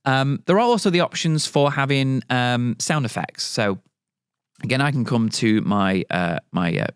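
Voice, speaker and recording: A man's voice: mid-range voice, lively intonation, moderate pace, clean tone, dry recording, studio quality. A man giving a casual product tutorial on audio gear, talking in a loose, chatty way with lots of fillers and restarts.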